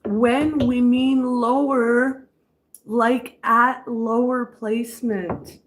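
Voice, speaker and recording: A woman's voice: on the high side, steady tone, takes it slowly, poor audio. A middle-aged woman hosting a casual eating livestream at home, rambling and chatting to her viewers between bites. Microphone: camera on a stand.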